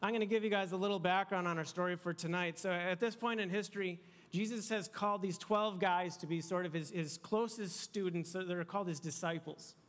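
Youth pastor type, male, preaches in a relaxed chatty way, reverberant hall. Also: high-pitched, fairly quick, hardly any pauses. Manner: casual, conversational preaching with many restarts. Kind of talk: sermon.

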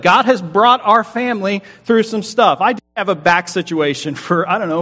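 A man in his forties, a pastor delivering an earnest sermon with emphatic, slowly paced pauses. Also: sits high, fairly bright tone. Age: 40s. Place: church sanctuary. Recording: long hall reverb.

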